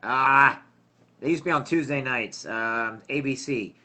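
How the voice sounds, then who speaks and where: A man's voice: medium pitch, measured pace, sharp tone. A middle-aged man hosting a casual livestream, rambling and chatty, often losing his train of thought. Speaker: livestream host.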